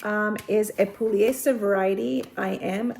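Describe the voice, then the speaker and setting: A woman from southern Italy talks through a seed haul in a loose, chatty way, often stopping to correct herself or fill gaps with an um. Her voice carries a steady gravelly fry at a middling pitch. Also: a little slow, a little hiss or hum. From Apulia, Italy. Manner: chatty, rambling, self-correcting with frequent ums. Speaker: gardening vlogger. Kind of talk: casual seed-haul show-and-tell.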